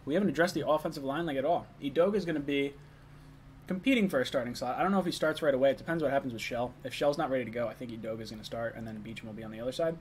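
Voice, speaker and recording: A man's voice: mid-range voice, racing, a little hiss or hum. A young man hosting a casual live stream, chatting loosely, reading chat messages and talking while eating.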